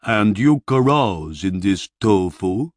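A man voicing a huge, simple-minded barbarian hero who speaks slowly in blunt, short sentences, in an audiobook reading. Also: lowish voice, expressive, no room sound, clean studio sound.

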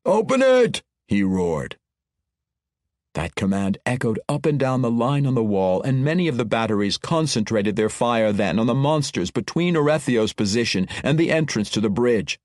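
A man narrating an epic fantasy audiobook in an expressive, dramatic reading. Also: medium pitch, moderate pace, few pauses, no room sound, clean studio sound. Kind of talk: scripted narration.

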